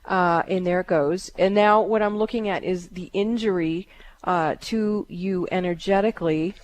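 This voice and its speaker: A woman hosting a call-in psychic radio show, giving calm, halting readings with many fillers. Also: lowish voice.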